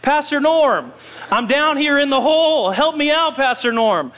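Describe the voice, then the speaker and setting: Preacher doing a high, frantic man begging for rescue from a pit, echoing in a big hall. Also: animated, unhurried, bright, forceful tone, exaggerated voice. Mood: pleading. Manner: frantic, pleading calls for help. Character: panicked man stuck down a manhole, pleading. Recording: long church hall reverb.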